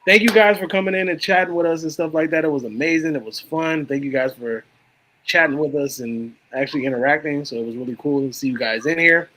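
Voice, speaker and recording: A man's voice: on the high side, fast, bright, forceful tone, rough recording. A young man hosting a live stream, chatting casually about horror movies and swearing freely. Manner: laid-back, swears freely.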